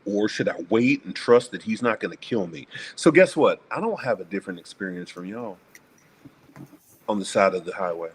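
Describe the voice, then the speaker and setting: A man's voice: on the low side, lively intonation, normal speed, a little hiss or hum. A blunt, profane man speaking emphatically as a guest on a casual panel talk show.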